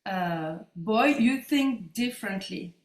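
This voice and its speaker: A woman in her fifties, a native French speaker with a French accent, telling her story as an interview guest in halting English while she searches for words. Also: medium pitch, expressive. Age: 50s. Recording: roomy echo.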